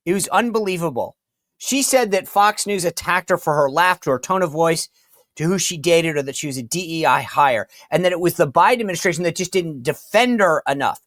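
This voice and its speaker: A man's voice: on the high side, lively intonation, a little fast, fairly bright tone, no room sound, studio quality. A man hosting a political talk show, delivering an emphatic, incredulous commentary monologue and mockingly reading quotes aloud. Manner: incredulous, emphatic, repeats himself.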